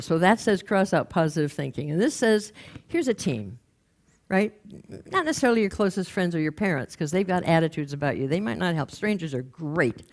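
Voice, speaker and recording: A woman career coach giving a talk, telling anecdotes and acting out the people in them. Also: on the low side. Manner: animated, acts out the people in her anecdotes. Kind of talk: storytelling talk to an audience.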